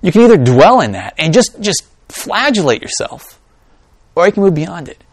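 A man's voice: sits high, moderate pace, no echo. Man, pastor, sermon, reads scripture then jokes with the congregation, dry close sound. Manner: reads scripture aloud, then talks to the congregation in an animated, joking way.

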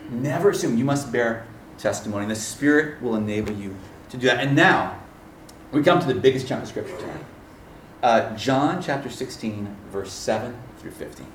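A man preaching a sermon as a campus ministry pastor, telling stories in an animated way and often laughing. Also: medium pitch, normal speed, slight background noise. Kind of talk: sermon with storytelling. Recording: echoey room, distant mic.

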